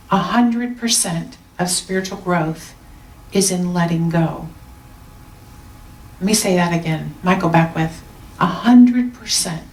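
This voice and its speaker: Soft-spoken woman minister, roomy and distant. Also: mid-range voice. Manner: slow, soft and reflective, with deliberate pauses. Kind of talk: gentle Sunday sermon. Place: church sanctuary. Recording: roomy sound, mic at a distance.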